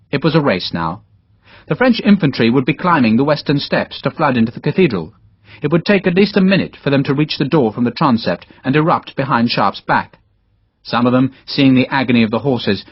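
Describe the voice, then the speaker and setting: A man with a medium-pitched, husky voice narrates an audiobook dramatically, voicing every character in this scripted reading. The lo-fi recording sounds dull and dry, with no echo.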